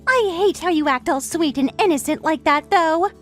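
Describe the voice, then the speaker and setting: With faint music behind her, a woman voices a haughty young sister-in-law in a text-message story drama, her tone scornful, sneering and mocking. She speaks very high-pitched at a moderate pace.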